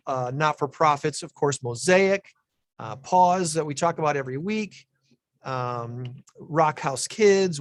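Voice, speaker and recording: A man co-hosting a local radio show, chatting casually and rambling with plenty of fillers and restarts. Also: on the high side. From Illinois, USA.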